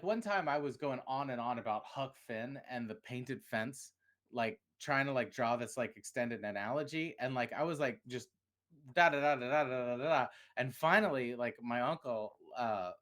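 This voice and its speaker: A man's voice: medium pitch, a bit bright. Rambling man with a Southern accent. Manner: rambling, self-interrupting, laughs often. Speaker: podcast co-host. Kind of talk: casual chat.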